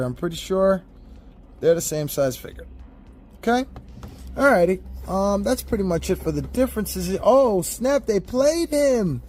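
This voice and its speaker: A man giving a casual toy unboxing review, talking straight to viewers with animated, profane, exasperated rants. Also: high-pitched.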